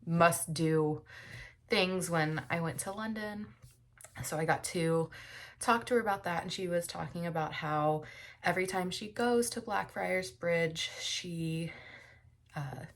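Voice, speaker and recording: A woman book vlogger speaks from home in a slow, unhurried way. Her voice sits low for a woman, and she sounds emotional and close to tears, rambling through fillers as she recalls her day. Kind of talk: casual personal reflection.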